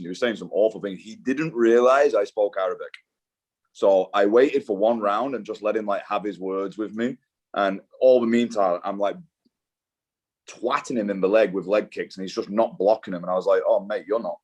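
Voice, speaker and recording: Brief: young British man, fairly low voice, relaxed and slangy, drops swears. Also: a little fast. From Britain. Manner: laid-back, slangy, swears, says "dude". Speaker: guest, mixed martial arts fighter. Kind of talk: casual interview chat.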